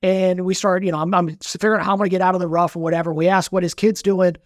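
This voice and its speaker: Fast-talking high-voiced male reporter. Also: no echo, studio quality. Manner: animated storyteller, quick and bright. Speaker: sports reporter. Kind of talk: casual podcast chat.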